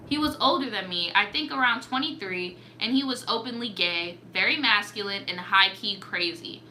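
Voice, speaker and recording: Bright-voiced young woman giving blunt advice. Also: fairly high pitch, slight background noise. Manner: blunt, profane, animated reactions. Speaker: storytime advice host. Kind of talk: casual storytime chat.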